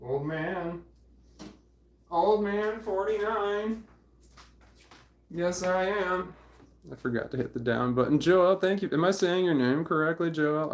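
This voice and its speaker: A man in his forties livestreaming from home on a phone, rambling and swearing, often breaking off mid-sentence. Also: a little high. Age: 40s. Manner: rambling, swearing, self-interrupting. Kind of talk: casual livestream chat. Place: indoors at home. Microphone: phone camera. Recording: echoey room, off-mic.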